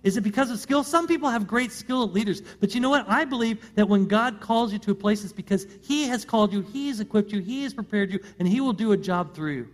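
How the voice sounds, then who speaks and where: A middle-aged man preaching to a congregation in a fairly high voice. He speaks conversationally, tossing out rhetorical questions and restarting his phrases. The tone is personal and persuasive. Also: expressive, quick pace, few pauses. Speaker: pastor. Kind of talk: sermon.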